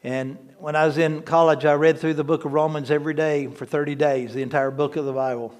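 A man's voice: a little high, flat delivery, a little fast, darkish tone. A man, lead pastor of a church, preaching an emphatic, conversational sermon that repeats key words for stress and adds humorous asides.

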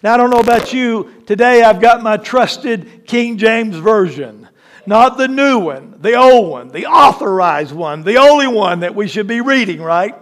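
A man preaching a sermon as lead pastor, chatting with the congregation and then slowing and rising hard on key words. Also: high voice, expressive, fairly bright tone. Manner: emphatic preaching, slows and rises on key words; conversational asides to the congregation.

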